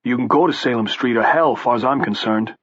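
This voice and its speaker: A man voicing a gruff, bloodied, bald brawler, blunt and profane. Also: medium pitch, brisk, dull audio, voice pushed up, lightly acted.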